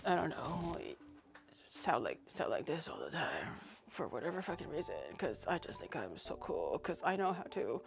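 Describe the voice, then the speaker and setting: A smug, self-admiring young man, put on by a woman, drawling with a gravelly edge. His voice swings widely up and down as he brags in a sarcastic, mocking tone. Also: low voice, sing-song, normal speed, voice pushed down, heavily acted.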